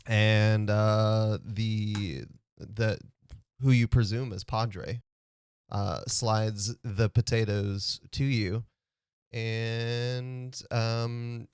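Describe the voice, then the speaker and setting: A man narrating a tabletop game as game master, relaxed and halting with many fillers. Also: lowish voice, clean tone, no room sound, studio quality.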